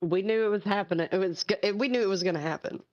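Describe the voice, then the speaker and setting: A woman's voice: medium pitch, fast, darkish tone, highs cut off. A woman co-hosting a live stream, chatting in a wry, conversational way. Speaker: live show co-host. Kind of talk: casual live chat.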